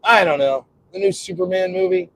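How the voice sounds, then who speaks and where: A man's voice: high-pitched, a little fast, fairly bright tone, rough recording. A man in his forties live streaming from his car, talking casually with sarcasm, frequent swearing and bursts of ranting. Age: 40s. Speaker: streamer host. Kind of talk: casual live stream talk while driving. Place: car on the road.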